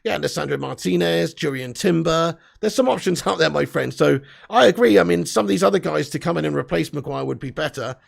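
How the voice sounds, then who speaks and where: Young guy, high gravelly voice, blunt sweary live-stream host, excitable banter. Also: brisk, hardly any pauses. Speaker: livestream host. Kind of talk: live fan chat reading comments.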